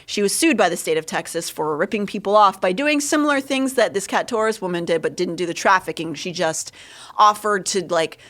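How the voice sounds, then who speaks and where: Woman cohosting a chatty livestream, gets animated and jumps up high on the jokes. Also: brisk. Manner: animated, pitch jumps on punchlines. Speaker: podcast co-host. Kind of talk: casual livestream chat.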